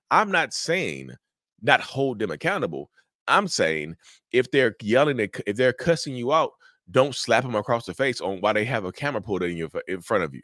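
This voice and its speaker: A man's voice: mid-range voice, very animated, moderate pace, fairly bright tone, dry recording, studio quality. A man hosting a mental health channel, talking casually to viewers and often repeating himself. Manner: conversational, repeats himself, addresses viewers as y'all. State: sleepy, yawning. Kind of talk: casual talk to camera.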